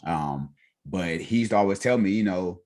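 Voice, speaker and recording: Low-voiced soft-spoken podcast host. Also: male voice, expressive, normal speed. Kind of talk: casual podcast talk.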